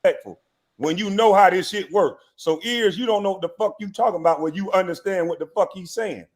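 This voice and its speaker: A man's voice: sits high, brisk. A man in a played clip, arguing angrily on a stream panel and throwing profane insults. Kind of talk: heated argument on a stream.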